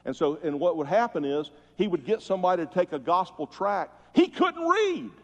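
A pastor preaching a sermon, telling stories that swell loud and then drop soft. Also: male voice, on the high side, brisk. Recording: muffled sound with long hall reverb.

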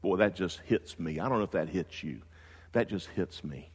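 A lower-pitched man preaches a sermon in a church. He tells a story with animated excitement and then sinks into slow, quiet earnestness. His voice carries a long reverb tail from the hall. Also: slightly rough. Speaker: pastor.

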